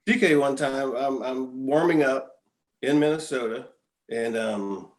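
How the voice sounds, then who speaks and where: A man in his fifties, a podcast guest, telling animated stories in casual chat, often chuckling and repeating words. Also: medium pitch, a little slow, poor audio. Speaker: podcast guest, former pitcher. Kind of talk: casual storytelling.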